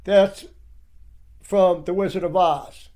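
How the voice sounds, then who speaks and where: Emphatic high-voiced male preacher. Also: fairly even intonation, takes it slowly, very noisy. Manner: emphatic, keeps addressing the audience as "people". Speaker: religious commentator. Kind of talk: preaching commentary over clips.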